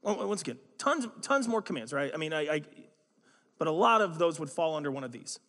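A man's voice: a little high, very animated, a little fast, a bit bright. A man preaching a sermon as a pastor, telling stories in a conversational way with self-mocking humor, recorded in a church sanctuary. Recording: long hall reverb.

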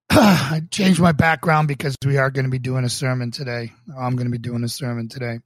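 A man from Boston, a pastor hosting his own livestream, talking earnestly and emotionally with halting restarts before moving into a sermon. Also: mid-range voice, steady tone, no room sound, studio quality. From Boston, United States. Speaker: pastor and show host. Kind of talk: livestreamed casual talk leading into a sermon.

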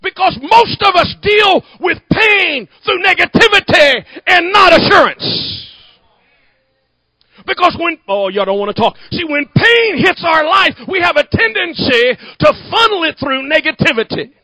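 A man preaching a sermon to a congregation, talking back and forth with them and building to shouted emphasis. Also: very high-pitched, animated, a little slow, dry recording, rough recording. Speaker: pastor.

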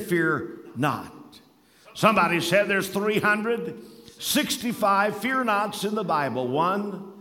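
A man with a high, bright voice and forceful tone preaches a sermon in a large hall. He quotes scripture in King James wording and tells folksy stories with rising emphasis.

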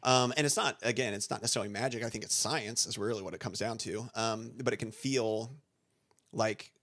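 A man with a fairly low, brisk, slightly bright voice co-hosts a podcast and also works as school staff. In casual conversation, he thinks through ideas in a thoughtful, wandering way, restarting often and using plenty of fillers.

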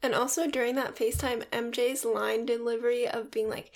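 A young woman co-hosting a podcast, talking enthusiastically in casual chat. Her voice sits a little high. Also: fairly even intonation, brisk, hardly any pauses. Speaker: podcast co-host.

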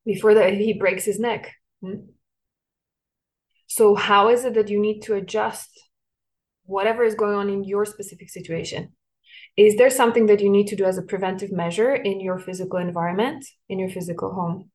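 A woman's voice: medium pitch, steady tone, moderate pace. A woman hosting a solo parenting podcast, explaining in an earnest, coaching way with frequent light laughs.

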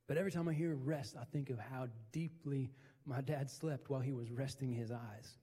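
A man's voice: mid-range voice, fairly even intonation, moderate pace, warm tone, slightly rough, in a large hall. A middle-aged man preaching a sermon as pastor, building emphasis through repeated phrases. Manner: preaching with rising, emphatic repetition.

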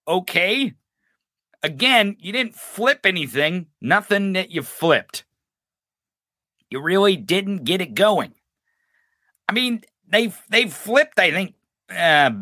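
A man's voice: on the high side, sing-song, a little slow, sharp tone, no echo, clean studio sound. Mocking, profane man hosting a podcast. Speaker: podcast host. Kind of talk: casual political commentary. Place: live-streamed podcast set.

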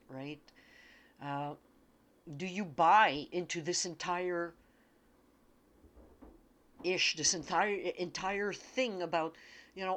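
A woman speaks slowly in a lowish voice, giving an unscripted spiritual talk. She sounds tearful and emotional, pausing and repeating her words as she goes. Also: fairly bright tone. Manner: emotional, halting, repeats herself.

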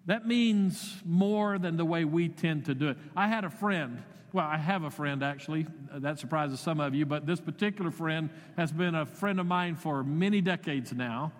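A man's voice: a little high, normal speed, few pauses. A man preaching a sermon as pastor, conversational, with wry asides and shifting emphasis. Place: church sanctuary. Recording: long reverb of a church sanctuary.

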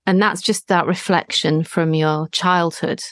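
A female therapist guides her client in a gentle, reflective voice. The sound is dry and close, with no room around her. She offers her ideas calmly. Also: fairly low pitch, measured pace, no echo. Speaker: therapist and podcast host. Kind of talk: therapy session dialogue.

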